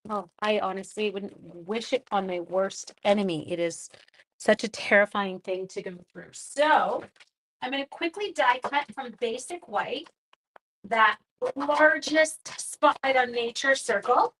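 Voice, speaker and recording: A woman with a somewhat high voice runs a casual craft livestream. She chats bubbly and freely, greeting viewers as she works. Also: unhurried, a bit bright. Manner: chatty and bubbly, chatting with viewers. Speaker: stamping craft demonstrator and host.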